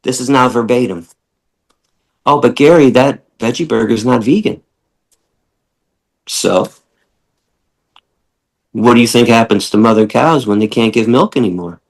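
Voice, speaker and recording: A man's voice: medium pitch, unhurried, long pauses, poor audio. A man from Michigan, a guest on a podcast, talking bluntly and with profanity, ranting and mocking opponents in quoted voices. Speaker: guest, animal rights lecturer. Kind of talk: impassioned podcast interview.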